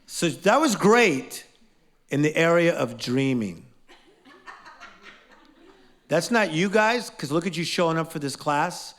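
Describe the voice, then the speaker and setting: A man with a fairly high voice runs a live motivational class, energetic and playful. He leads call-and-response chants and fires questions at the people in front of him. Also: slow, long pauses. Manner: energetic, playful, quizzes the audience. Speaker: motivational teacher.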